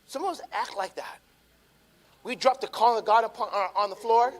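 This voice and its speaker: A man in his thirties, a pastor preaching a sermon, telling a family story and swinging from quiet asides to loud rising appeals. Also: sits high, normal speed.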